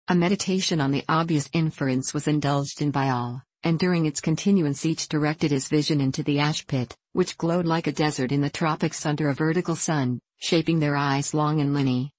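A woman with a notably low voice reads a classic novel aloud, voicing the rustic speakers in a country dialect. The sound is dry and close, with no room around it. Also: darkish tone, no echo. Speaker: audiobook reader. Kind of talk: scripted narration of a classic novel.

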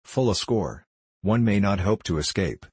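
A man voicing a timid, frightened young page who speaks in old-fashioned, pleading words, in the reader's own low, husky voice. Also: lively intonation, unhurried, darkish tone, no echo. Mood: hesitant.

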